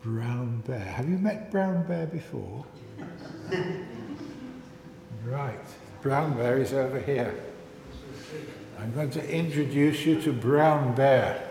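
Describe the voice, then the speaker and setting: A man's voice: medium pitch, expressive, slow, gravelly, pauses often, darkish tone. A man leading a children's talk with puppets in church, playful and coaxing, asking the congregation lots of questions. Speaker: minister. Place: large echoey church. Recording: echoey church with long reverb, faint hiss.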